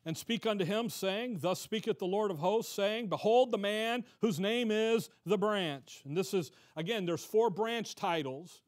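A man's voice: high voice, a little slow, few pauses. A man, teaching the Bible in a loose, conversational way. He reads verses aloud, stops to ask his listeners questions, and often backs up to restart a thought. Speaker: pastor. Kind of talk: expository Bible-study sermon.

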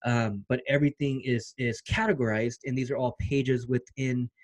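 A young man vlogging about his online side income in an excited, repetitive, slangy pep-talk style. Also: mid-range voice, moderate pace. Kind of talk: energetic motivational vlog talk.

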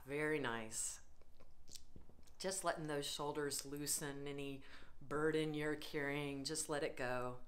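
A middle-aged woman leading a laughter yoga session, giving encouraging, unhurried instructions. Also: low voice, slight background noise. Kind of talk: guided laughter exercise.

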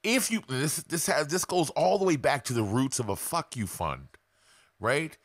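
Lively swearing man coaching sales. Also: on the high side, moderate pace, no room sound, clean studio sound. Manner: swears freely, blunt and excitable. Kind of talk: casual profane sales talk to camera.

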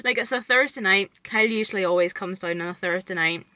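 A woman's voice: medium pitch, quick pace, bright, forceful tone, dry recording, rough recording. A woman in her twenties with a Northern Irish accent, chatting casually to camera from a parked car and filling her talk with "like". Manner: chatty, rambling, fills talk with "like". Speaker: vlogger.

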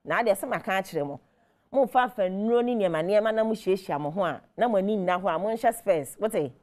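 A woman's voice: mid-range voice, fast talker, a little mellow. A woman with a Ghanaian accent hosting entertainment news, delivering emphatic, scolding commentary that mixes Twi and English. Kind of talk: animated commentary.

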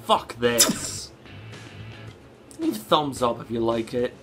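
An exasperated woman hosting a let's-play, her voice leaping all over the place in pitch. She speaks at an unhurried pace and shouts fruit words in place of curses. Music plays clearly behind her. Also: big pitch swings. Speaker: gaming channel host. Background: background music.

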